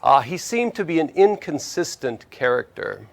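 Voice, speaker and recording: A man's voice: on the high side, sing-song, normal speed, gravelly. A man teaching in a conversational storytelling lecture, often checking in with his listeners. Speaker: spiritual teacher.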